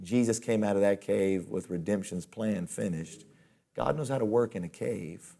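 A man's voice: lowish voice, moderate pace, gravelly, mellow. A man preaching a sermon to fellow pastors in a folksy, conversational way that climbs to emphatic peaks.

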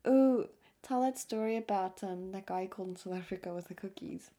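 A woman's voice: mid-range voice, brisk, mellow. A woman co-hosting a casual chat, prompting her partner with dry, teasing remarks.

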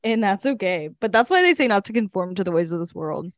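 A woman's voice: medium pitch, expressive, quick pace, no room sound, clean studio sound. A young woman co-hosting a podcast in casual chat, rambling with lots of fillers. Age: young adult. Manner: chatty, fillers, laughs often. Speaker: podcast co-host.

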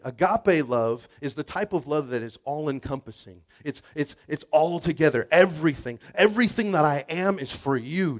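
A man delivers a sermon in an easy, talkative way, often restarting phrases and calling out to the congregation. He slips into quoted voices with shifts in pitch and loudness. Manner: conversational, repeats words, coaxes the congregation. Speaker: pastor.

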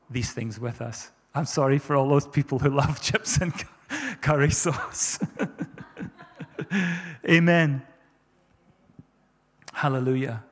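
A man preaches in a fairly high voice, pressing his points with fervent repetition. His words ring out with the long reverb of a church hall. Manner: fervent, repeats phrases for emphasis. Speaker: pastor. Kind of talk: sermon.

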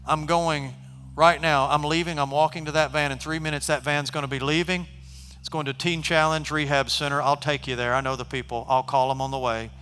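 Man, pastor type, bright forceful voice, long hall reverb, storytelling sermon. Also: on the high side, fairly quick, smooth. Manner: animated, shifts from conversational to shouting.

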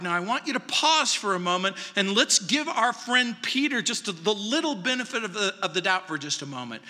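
A man pastor preaching a sermon, animated and acting out quoted lines with sudden high exclamations. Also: long reverb tail. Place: church sanctuary.

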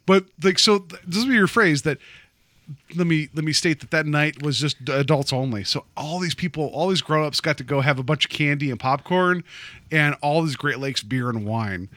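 A man from West Virginia talks casually on a podcast in a bright, forward voice set a little high. He rambles, stacking fillers and restarting his sentences. The sound is dry and close. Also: normal speed, no room sound. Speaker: podcast co-host. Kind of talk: casual chat.

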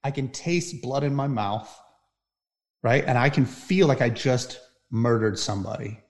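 A man's voice: mid-range voice, unhurried. Intense man telling a personal story. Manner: intense, vivid, swings from loud to hushed. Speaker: podcast guest.

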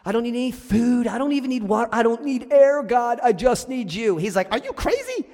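A male pastor preaching a sermon to his church, emphatic, repeating key lines slowly. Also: very high voice, darkish tone. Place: church sanctuary. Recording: hall reverb.

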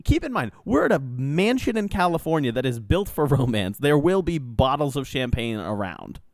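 A man tells a story in an animated, loose way, packing in swearing and fillers. His voice sits at a middle pitch. The sound is dry and close, with no room around it. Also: moderate pace, creaky, dry recording. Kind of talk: casual chat, retelling a reality show.

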